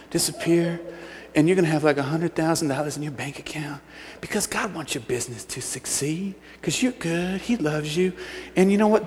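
A man voicing a slick male preacher who smoothly promises riches and healing with overconfident ease. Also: on the high side, darkish tone, long reverb tail, slight background noise, voice pushed down, lightly acted.

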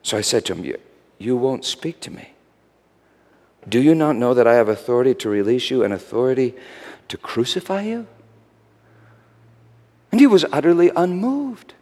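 A man playing Pontius Pilate, a guilt-haunted Roman governor, in a dramatic first-person monologue that swings from shouts to whispers, recorded in a church. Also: mid-range voice, sing-song, normal speed, long pauses, long reverb tail. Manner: swings between shouted outbursts and hushed whispers. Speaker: preacher performing a character monologue.

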